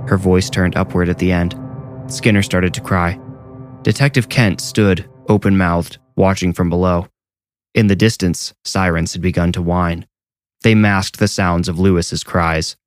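A man narrating a horror story in a measured, suspenseful read. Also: low-pitched, fairly even intonation, dry recording, faint music behind.

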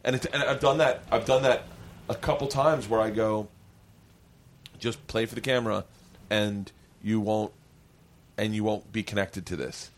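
Male podcast host, low-ish voice, animated and profane storyteller who does the voices in his tales. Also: normal speed, long pauses. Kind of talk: casual storytelling chat.

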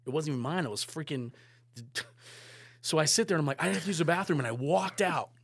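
A man, a photographer and director, telling stories in a casual podcast chat, animated and swearing freely. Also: on the high side, quick pace, vocal fry, breathy edge, dry recording, studio quality.

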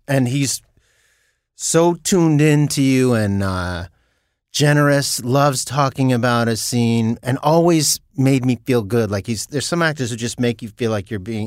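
A man's voice: mid-range voice, animated, a little slow, no echo. A middle-aged man, a guest actor, chatting casually and laughing at himself in a studio. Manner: laughing, self-mocking, trailing off. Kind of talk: casual chat.

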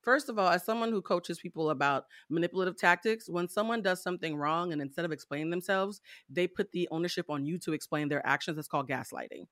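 Woman podcast guest telling a story, really emphatic, bright sharp voice, dry close sound. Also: on the low side, quick pace, few pauses, dry recording. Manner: animated, emphatic, addresses listeners directly. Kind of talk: casual storytelling.

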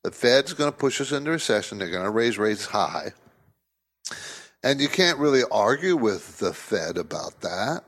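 A man hosting a financial talk radio show, giving emphatic, repetitive market commentary. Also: normal speed. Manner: emphatic, repetitive, lively swings of pitch.

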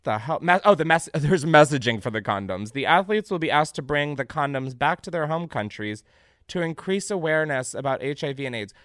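A man hosting a comedic podcast, reacting loudly to what he reads, swearing freely and laughing often. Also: on the high side, expressive, a little fast, dry recording, studio quality. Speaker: podcast host.

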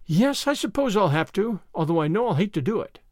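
A man's voice: big pitch swings, a little fast, no room sound, clean studio sound. A man voicing an earnest, idealistic young woman teacher in a storybook reading. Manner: earnest, high-minded.

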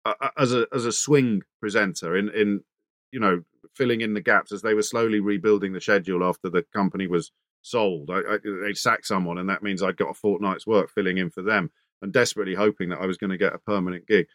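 A man's voice: sits low, steady tone, quick pace, a bit bright, no room sound, studio quality. A middle-aged male radio presenter telling anecdotes in a chatty interview, stumbling over restarts as he goes. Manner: chatty anecdotal, frequent restarts and repeated words. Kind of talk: conversational interview storytelling.

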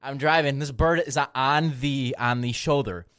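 A man's voice: medium pitch, unhurried, a bit bright, clear, resonant tone. A young man co-hosting a casual podcast, rambling through a silly story and laughing as he goes, with lots of filler words. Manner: rambling, laughs through his own stories, heavy "like" filler. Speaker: podcast co-host. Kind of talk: casual crude banter.

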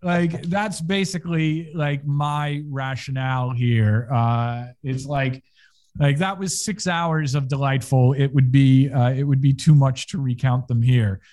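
Slow, mellow-voiced male podcast host. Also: medium pitch, fairly even intonation. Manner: unhurried, with many fillers and chuckles. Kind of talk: casual podcast chat.

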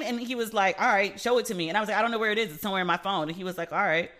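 Woman rambling on her podcast, blunt and sweary, bright sharp voice, acts out both sides of convos. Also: mid-range voice, very fast, few pauses. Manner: frank, profane, animated storytelling with quoted back-and-forth. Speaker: podcast host. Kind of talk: casual solo podcast chat.

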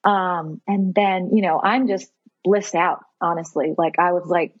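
Woman podcast guest, husky voice, lively storyteller, slightly dull lo-fi recording. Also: lowish voice, measured pace, no echo. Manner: animated, laughs often, fillers like "like". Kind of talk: personal storytelling.

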